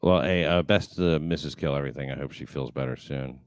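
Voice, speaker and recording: A man's voice: rumbling low, fairly quick, clean tone, no echo. A man hosting a livestream, chatting casually and reading viewer comments, rambling and swearing with many fillers and restarts. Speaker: show host reading live chat.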